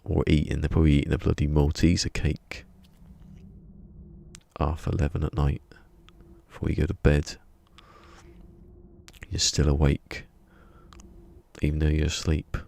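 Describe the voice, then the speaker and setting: A man's voice: extremely low pitch, monotone, measured pace, vocal fry, pauses often, mellow, slight background noise. A man, chatting casually on a game live stream and muttering to himself as he tinkers. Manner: rambling, mutters to himself while he works. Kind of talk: casual live-stream chat while playing.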